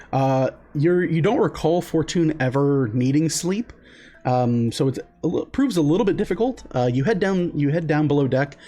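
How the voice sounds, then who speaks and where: A man's voice: fairly high pitch, dark tone. A man narrating as game master of a tabletop game, casual with lots of fillers and restarts.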